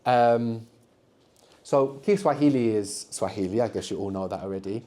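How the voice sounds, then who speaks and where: A man with a warm, fairly low voice leads a live beginners' language workshop for students in a university classroom, speaking at normal speed. Patient and encouraging, he walks through each point step by step.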